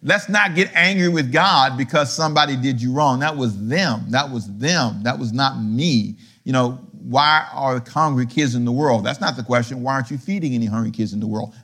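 A middle-aged male pastor preaching a sermon, firing rhetorical questions and swinging from low murmurs to loud, high emphasis.

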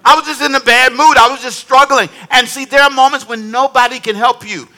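A man's voice: very high voice, a little fast. A man preaching a sermon as pastor, telling funny stories and calling for the congregation to answer back. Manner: animated, humorous storytelling with call-and-response.

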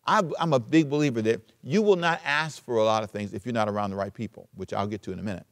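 A man preaching a sermon as pastor, emphatic, switching between loud urging and quiet asides. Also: lowish voice, quick pace.

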